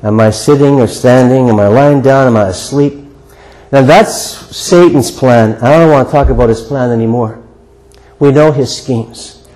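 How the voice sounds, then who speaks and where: A man's voice: medium pitch, normal speed, dark tone, poor audio. Older male preacher, earnest and conversational. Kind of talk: sermon. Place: church sanctuary before a congregation.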